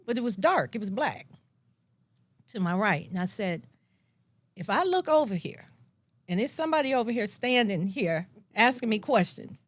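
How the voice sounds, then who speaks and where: A woman telling her own story in a lively way, acting out her past thoughts. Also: mid-range voice, normal speed, long pauses, dry recording. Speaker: guest. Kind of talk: personal storytelling.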